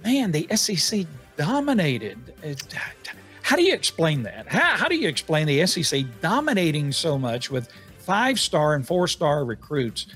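A man's voice: on the high side, big pitch swings, fairly bright tone, soft background music. A man hosting a sports talk show, chatting casually with lots of fillers and restarts. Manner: halting, many fillers and restarts.

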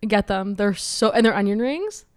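A young woman co-hosting a casual podcast, talking in an animated, emphatic way. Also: medium pitch, normal speed, dry recording, studio quality. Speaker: podcast co-host. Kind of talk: casual chat.

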